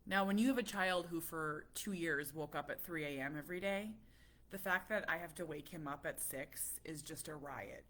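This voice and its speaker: A woman talking casually to her viewers about her family, chatty and animated, a little stuffy from a cold. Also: deep voice, moderate pace. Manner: chatty, animated, laughs often. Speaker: parent vlogger. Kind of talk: casual chat.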